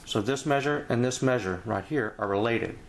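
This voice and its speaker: A man teaching a jazz etude in a relaxed, rambling way, walking through the music and scatting phrases aloud. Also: mid-range voice, normal speed. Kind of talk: casual instructional walkthrough.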